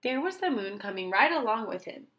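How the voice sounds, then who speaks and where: Woman reader, children's read-aloud, clear and expressive, gentle pacing. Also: on the high side, lo-fi sound. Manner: slow, clear and expressive for young listeners.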